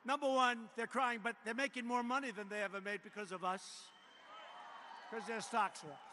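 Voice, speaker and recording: A man in his seventies giving a boastful, repetitive political rally speech in a large arena, often breaking into shouts. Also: extremely high pitch, steady tone, moderate pace. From United States. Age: 70s. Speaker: president addressing a rally. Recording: long hall reverb with faint noise.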